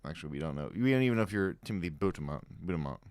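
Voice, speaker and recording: A man's voice: low voice, expressive, racing, darkish tone, smooth, no room sound, studio quality. A man streaming a game live, thinking aloud in a musing, questioning way with frequent chuckles.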